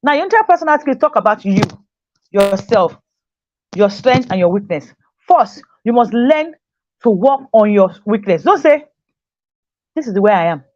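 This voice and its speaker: Female teacher, motivational group talk, repeats for emphasis, fairly high voice, dull dry lo-fi audio. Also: very animated, normal speed, darkish tone, no room sound. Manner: repeats key phrases for emphasis, acts out quoted voices.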